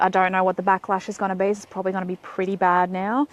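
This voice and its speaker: An Australian woman in her thirties talks casually and playfully into her phone as she walks. Her voice is of middle pitch, and she speaks outdoors in the shade. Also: fairly even intonation, brisk, slight background noise. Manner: chatty and playful, walking while talking. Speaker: vlogger. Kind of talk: casual Facebook live chat.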